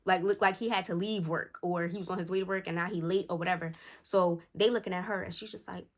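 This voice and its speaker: A young woman in her twenties, a vlogger telling a story in a chatty, animated way, talking straight to her viewers. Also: lowish voice, fast talker. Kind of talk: casual storytime.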